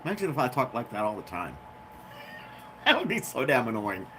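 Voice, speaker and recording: A man's voice: medium pitch, wildly swooping pitch, a little fast, pushed and bright, a little hiss or hum. Tired nasal man musing aloud. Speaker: channel host. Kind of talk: casual livestream chat. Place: living room at home, seated on a love seat. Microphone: phone.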